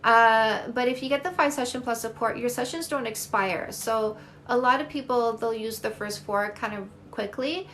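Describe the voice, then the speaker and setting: A middle-aged Canadian dating coach hosts a live stream on her phone, chatting casually and gushing over viewer comments. Her fairly high, slightly bright voice is effusive, quick and chatty.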